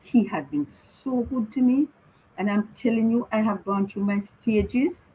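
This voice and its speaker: A woman's voice: mid-range voice, measured pace, mellow. Earnest woman, noisy radio line. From Jamaica. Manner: earnest, repetitive, pleading with listeners. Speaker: radio guest, bereaved mother. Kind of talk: emotional radio talk.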